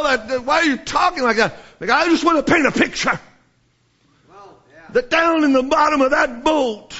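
A man preaching a sermon, telling a story with passion and rising to shouts, with many restarts. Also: very high voice. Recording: dull lo-fi sermon recording.

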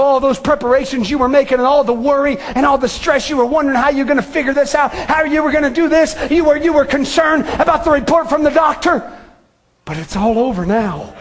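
Male preacher, high pitch, fervent sermon delivery with shouted peaks and hushed drops.

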